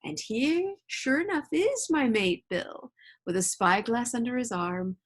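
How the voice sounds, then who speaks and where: A woman voicing a gruff old male pirate who swings between fawning and sneering, read aloud from a storybook. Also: fairly high pitch, expressive, unhurried. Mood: wheedling.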